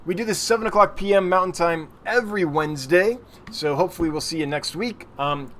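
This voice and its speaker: A man's voice: high-pitched, a little fast, fairly bright tone, a little hiss or hum. A man hosting a weekly livestream, chatting casually as he answers viewer questions and laughs at his own slips. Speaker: livestream host.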